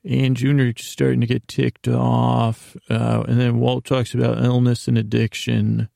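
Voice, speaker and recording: A man's voice: medium pitch, completely flat delivery, measured pace, warm tone, no room sound, studio quality. A man rambling through a casual recap of a show he watched, often correcting himself and reading from his notes. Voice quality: gravelly. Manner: meandering, self-correcting, reads his notes aloud. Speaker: podcast host recapping a show.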